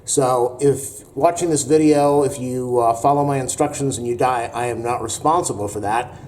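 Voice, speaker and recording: Casual man with a mellow voice. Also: mid-range voice, steady tone, moderate pace. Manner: casual, rambling, with frequent fillers. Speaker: DIY video host. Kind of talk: home improvement how-to.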